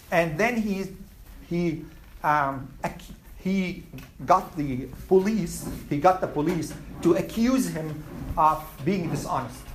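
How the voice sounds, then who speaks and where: A religious teacher giving a classroom lecture, animated and quizzing the students as they go. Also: mid-range voice, slight background noise. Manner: animated, asks the class questions.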